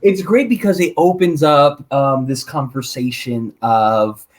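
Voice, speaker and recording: Host: man with a slow, deliberate delivery, halting and thoughtful questions. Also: mid-range voice. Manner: halting, thoughtful, many ums. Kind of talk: interviewer in casual chat.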